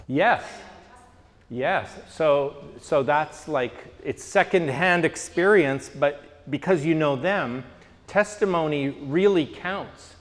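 A man from Canada leading a group teaching discussion, telling stories with lively restarts. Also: on the high side, slow pace, long reverb tail. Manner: animated storyteller, frequent restarts.

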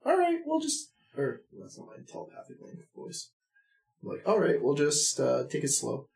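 A woman's voice: sits low, wildly swooping pitch, normal speed, vocal fry, darkish tone. A woman playing a tabletop game, talking in a playful, giggly way. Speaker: player. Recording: echoey room.

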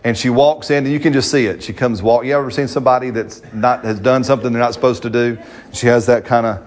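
Male pastor, mid-pitched, fervent sermon delivery, drawn-out emphasis on key words. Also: steady tone. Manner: fervent preaching, slow drawn-out stress on scripture, frequent amens. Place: church service.

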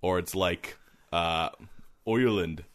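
A man's voice: fairly low pitch, lively intonation, fairly quick, a bit bright. A man co-hosting a casual podcast, laid-back and laughing often, trailing off with fillers. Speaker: podcast co-host. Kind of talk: casual chat.

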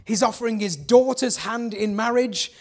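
A pastor with a notably high voice delivers a lively sermon. He tells the story with energy and keeps asking rhetorical questions. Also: moderate pace.

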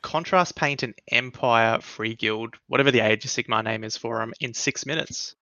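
A man in a casual podcast chat, relaxed and laid-back. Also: mid-range voice, moderate pace, no room sound. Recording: dull dry lo-fi sound.

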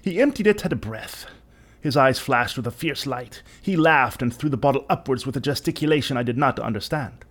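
A man narrates a classic story as a theatrical, interpretive reading. His voice sits in a middle pitch but ranges widely with expression. The delivery is deliberate and performed. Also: animated, fairly bright tone. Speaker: reader.

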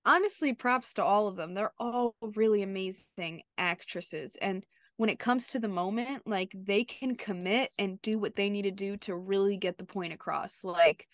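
Chatty podcast lady, mid-pitched, lots of likes and you-knows, dry close sound. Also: normal speed, no echo. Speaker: podcast co-host. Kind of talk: casual chat.

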